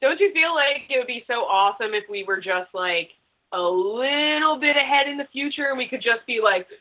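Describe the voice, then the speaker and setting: Chatty, animated woman on a muffled recording. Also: a little high, moderate pace. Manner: chatty, animated, swears freely. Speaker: guest author. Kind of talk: casual podcast chat.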